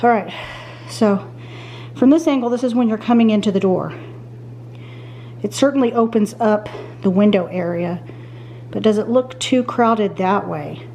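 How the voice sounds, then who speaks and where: A woman's voice: medium pitch, normal speed, pauses often, darkish tone, a little hiss or hum. A middle-aged woman vlogging casually from her bedroom at home as she tidies. She thinks aloud and talks to her viewers as she weighs her choices. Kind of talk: casual vlog chat while tidying.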